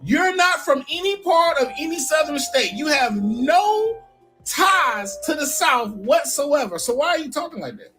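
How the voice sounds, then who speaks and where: A woman's voice: high voice, animated, a little slow, a bit bright, faint music behind. A woman commentator giving blunt, sassy, mocking opinions straight to camera. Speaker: social media commentator.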